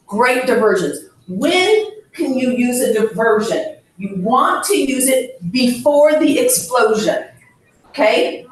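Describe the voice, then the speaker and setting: A woman leading a caregiver seminar, frank and lively, who laughs often and acts out scenes. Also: high voice. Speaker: hospice educator. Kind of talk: seminar talk. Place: seminar room. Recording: echoey room from far off.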